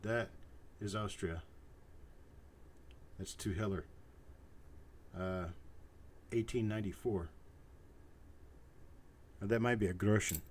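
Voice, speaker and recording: Man calling bids in a rapid chant. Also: fairly low pitch, a little hiss or hum. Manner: rapid repetitive bid calling, casual asides. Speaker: coin auctioneer. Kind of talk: live auction calling. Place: cluttered room at home.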